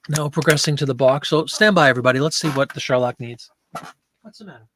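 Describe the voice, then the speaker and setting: A man speaks fast at a medium pitch, his tone steady and fairly bright, recorded dry. He's an online seller running a live listing show from home, chatting with viewers and cooing at his pet into a desk microphone.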